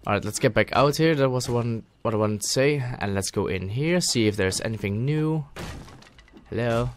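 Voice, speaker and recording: Talking to himself over gameplay, the gaming channel host occasionally bursts out with excited shouting. He has a mid-range voice, speaks at a normal speed, and there's a slight hiss or hum in the audio.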